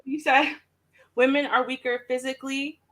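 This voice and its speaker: A woman hosting a heated debate, pressing with sharp and sarcastic questions. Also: sits high, little pitch movement, normal speed. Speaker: host.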